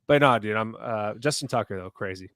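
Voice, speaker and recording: A man co-hosting a sports podcast, telling self-mocking stories in an animated way. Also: fairly low pitch, a little fast, no echo. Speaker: podcast co-host. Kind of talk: casual sports podcast chat.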